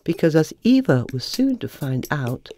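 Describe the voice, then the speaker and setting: Low, lively woman storyteller. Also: moderate pace. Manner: lively, expressive reading. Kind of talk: storybook narration. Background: soft music.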